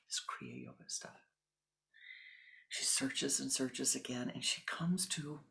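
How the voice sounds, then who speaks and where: A woman spiritual teacher telling a story in a slow, deliberate sermon. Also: rumbling low, vocal fry.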